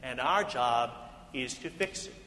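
A man's voice: mid-range voice, lively intonation, a little slow, bright, forceful tone, slight background noise. A male pastor preaching an earnest sermon full of rhetorical questions, speaking in a house of worship. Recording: echoey hall reverb.

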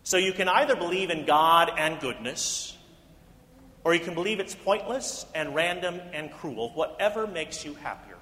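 A blunt, dying old rabbi, played by a man reading him out in a sermon fires off one challenging question after another. His fairly high voice rings through a long, roomy hall reverb. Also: expressive, moderate pace, bright, forceful tone. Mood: impassioned. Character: dying elderly male rabbi, blunt and pastoral.

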